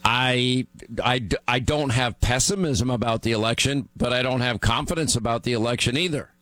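A hoarse middle-aged man hosting a talk radio show, rambling and repetitive as he talks through his busy day. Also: mid-range voice, moderate pace, fairly bright tone, no room sound. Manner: rambling, repetitive, self-mocking. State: hoarse from talking all day. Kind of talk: talk radio monologue and banter.

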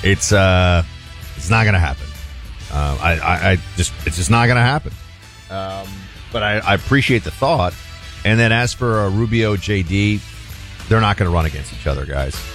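A male talk radio host taking calls, with a somewhat low voice. He rambles casually, restarting sentences, while faint music sits underneath. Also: moderate pace, fairly bright tone. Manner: loose, chatty, many fillers and restarts.

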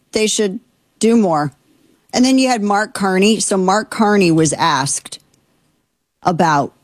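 A woman host delivers heated political commentary in a fairly low voice, indignant and exasperated, stumbling through fillers and restarts. Her voice sits close and dry, with no room sound around it. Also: darkish tone, no echo. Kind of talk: opinionated commentary.

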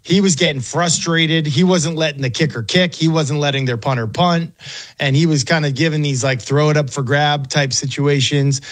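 A middle-aged man, a former pro quarterback, chatting and telling stories as a podcast guest, self-deprecating and lively. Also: fairly high pitch, normal speed, no room sound. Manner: chatty, self-deprecating, quotes people in put-on voices. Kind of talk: casual storytelling interview.

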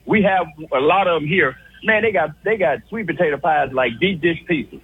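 A man's voice: on the high side, expressive, moderate pace, breathy edge. A man calling into a radio show, laid-back and laughing, using drawling slang. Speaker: regular caller. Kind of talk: casual phone chat on radio. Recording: tinny phone line.

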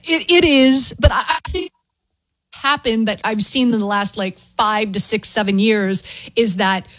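Female co-host, opinionated and chatty, slightly high, dry studio mic. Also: measured pace, no echo. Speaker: sports radio co-host. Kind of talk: casual sports radio talk.

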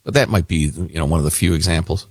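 A man's voice: low-pitched, quick pace, breathy edge, no room sound, clean studio sound. A man co-hosting a talk radio show, talking casually with a sarcastic, mocking edge.

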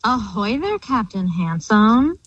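A woman's voice: on the high side, very animated, breathy edge, no room sound, recorded from a distance, exaggerated voice. A woman voicing a bold, flirty female pirate captain on a prank phone call, drawing out her words in a growly pirate manner. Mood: bossy pirate. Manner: growly drawn-out pirate talk with "arr". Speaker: caller.

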